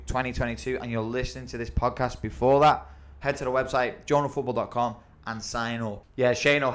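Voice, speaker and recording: A football coach hosts a casual podcast, his voice sitting at an ordinary male pitch. He talks eagerly and quickly turns to promoting his coaching camps. The tone is chatty and informal throughout.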